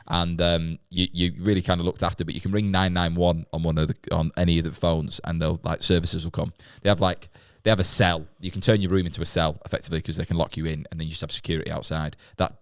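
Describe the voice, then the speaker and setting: Deep-voiced guy cohosting a podcast, laid-back, lots of ums and laughs. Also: smooth, no echo, studio quality. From England. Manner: relaxed, halting with fillers, laughs often. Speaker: podcast co-host. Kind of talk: casual improv chat.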